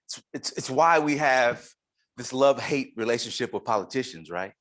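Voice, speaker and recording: A man giving a lively leadership talk at a conference, emphatic and playful with the audience. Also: medium pitch, moderate pace. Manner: animated, emphatic, playful with the crowd. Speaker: conference speaker. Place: conference room.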